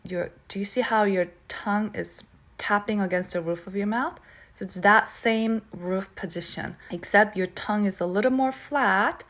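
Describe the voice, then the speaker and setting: A woman teaching pronunciation who repeats words slowly and keeps checking in with "okay?". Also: medium pitch, fairly bright tone. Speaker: Korean language teacher. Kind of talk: pronunciation lesson.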